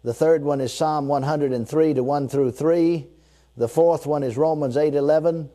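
Warm-voiced male preacher, emphatic and deliberate. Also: on the high side, fairly even intonation. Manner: emphatic, repeats key phrases, slows down for scripture; leads the congregation in call-and-response declarations. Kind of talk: sermon.

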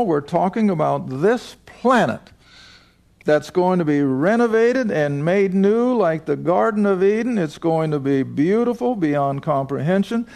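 A man's voice: high-pitched, creaky, a little mellow. A man teaching a Bible passage verse by verse, emphatic, asking his listeners questions and answering them himself.

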